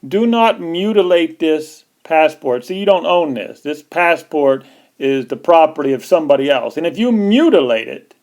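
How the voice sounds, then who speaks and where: A man rants at length in an indignant, repetitive way, circling back over the same phrases. His voice sits high for a man, and he keeps hammering each point. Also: lively intonation, moderate pace, a little mellow. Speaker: video commentator. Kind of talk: angry ranting monologue.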